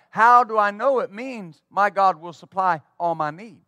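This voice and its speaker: A man's voice: high-pitched, a little slow, sharp tone, dry recording, studio quality. A male pastor preaching a sermon fervently, with call-and-response asides to the congregation.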